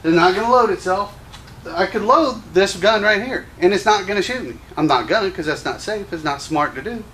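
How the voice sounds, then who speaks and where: A man's voice: high-pitched, lively intonation, fairly quick, a bit bright, a little hiss or hum. A man who owns a gun store, ranting to camera in an angry, combative, profane commentary. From Louisiana. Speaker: gun store owner and show host.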